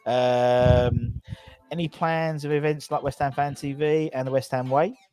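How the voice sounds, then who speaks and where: A man hosts a casual football fan chat show, rambling cheerfully from one story to the next and reading out viewer comments. His voice sits at an ordinary middle pitch. Faint music plays underneath. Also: steady tone, a little slow, darkish tone, smooth. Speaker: podcast host.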